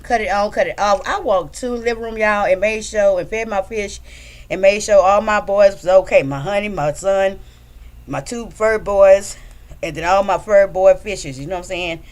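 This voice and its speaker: A woman's voice: mid-range voice, moderate pace, a little mellow. A woman hosting a casual livestream from home, chatting loosely and greeting her viewers by name. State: a bit out of breath. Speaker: livestream host.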